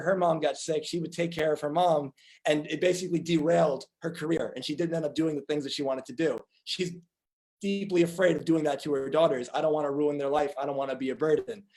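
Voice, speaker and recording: A man's voice: fairly high pitch, fast, darkish tone, rough recording. A man, a doctor, giving a conference talk, earnestly telling patient stories and acting out their dialogue.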